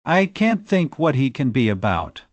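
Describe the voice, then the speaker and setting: A man's voice: medium pitch, sing-song, unhurried, no room sound. A man doing a fussy, helpless old hostess. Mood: fretful. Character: fretful, helpless elderly genteel hostess.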